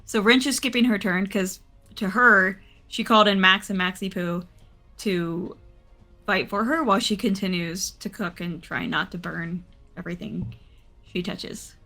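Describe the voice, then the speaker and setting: Unhurried bright woman running the game. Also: mid-range voice, fairly even intonation, faint music behind. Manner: unhurried, laughing, playful narration. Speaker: dungeon master. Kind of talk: narrating a tabletop game.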